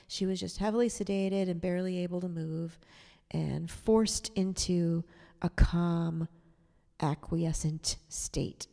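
A woman's voice: on the low side, warm tone, in a large hall. A woman telling a personal story in a chatty, digressive way, with sarcastic asides. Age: adult. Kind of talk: casual storytelling monologue.

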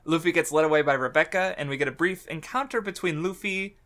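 Laughing, swearing man, bright voice. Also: fairly high pitch, fast talker. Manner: excitable, swears often, laughs a lot. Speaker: podcast co-host. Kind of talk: casual chat.

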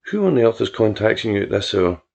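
A jealous, controlling man snaps out demands in a gravelly voice, read by a male narrator. His tone is pushy and reproachful. The recording sounds dull and lo-fi. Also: on the low side, sing-song, brisk, a little mellow, pitched below the performer's own voice, exaggerated voice. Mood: demanding. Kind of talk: audiobook character reading.

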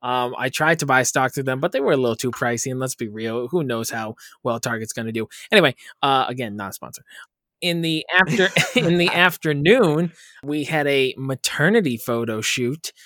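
A man's voice: medium pitch, expressive, moderate pace, sharp tone, no echo, clean studio sound. A young man co-hosting a casual podcast chat, joking and swearing as he tells stories. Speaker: podcast co-host.

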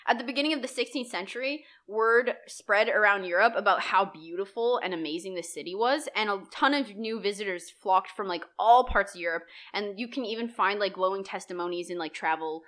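A woman's voice: mid-range voice, a little fast, hardly any pauses. A young woman co-hosting a podcast, casually telling history with lots of likes and ums. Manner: lively, chatty, many likes and ums, laughs often. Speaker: podcast co-host presenting history. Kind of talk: casual conversational history chat.

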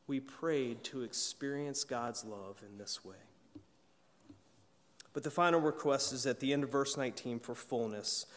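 A pastor preaching a sermon with earnest emphasis, building to emphatic peaks. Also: male voice, medium pitch. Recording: long reverb of a church hall.

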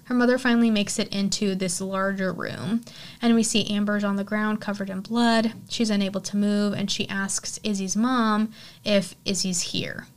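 A woman hosting her own horror podcast walks through a film's story in an easygoing, conversational way. Her voice sits at an ordinary middle pitch, and she leans on "like" and "you know" as she talks. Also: little pitch movement, normal speed. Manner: chatty, lots of "like" and "you know". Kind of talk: casual film recap and review.

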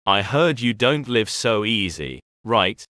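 A man voicing a smooth-talking, scheming male former employer who coaxes and persuades. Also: lowish voice, big pitch swings, slow, pushed and bright, no room sound, studio quality, full character voice. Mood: persuasive. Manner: coaxing, persuasive.

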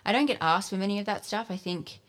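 A woman's voice: medium pitch, fast, fairly bright tone. A young Australian woman in her twenties, chatting as an interview guest with lots of fillers. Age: 20s. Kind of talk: casual interview.

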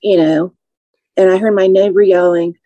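A woman in her forties, a podcast guest, telling her personal story slowly and with emotion. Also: medium pitch, steady tone, mellow, dry recording, lo-fi sound. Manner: measured, slow, emotional recounting.

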